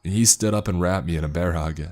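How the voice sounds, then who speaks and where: A man narrating a creepy story in first person with a steady, matter-of-fact delivery. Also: low voice, brisk. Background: faint background music.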